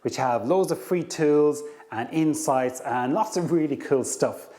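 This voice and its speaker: A man coaching viewers on career ideas, telling a story to camera, acting out bits of dialogue and slowing down to stress key points. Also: on the high side. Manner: lively storyteller, acts out dialogue.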